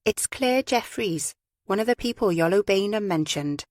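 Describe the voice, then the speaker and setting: A woman voicing a young female detective sergeant who speaks briskly and eagerly. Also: mid-range voice, lively intonation, darkish tone, no echo, studio quality, close to an everyday voice.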